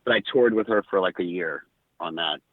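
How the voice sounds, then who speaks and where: A middle-aged man, a podcast guest, telling lively backstage stories with quoted dialogue. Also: low-pitched, fairly quick, no echo. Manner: animated anecdotes with quoted dialogue. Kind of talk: casual storytelling. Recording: tinny phone-like line.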